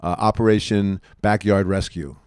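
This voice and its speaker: Low-voiced joking male comic. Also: moderate pace, clear, resonant tone, dry recording, studio quality. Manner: joking, deadpan asides. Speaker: guest comedian. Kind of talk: casual chat.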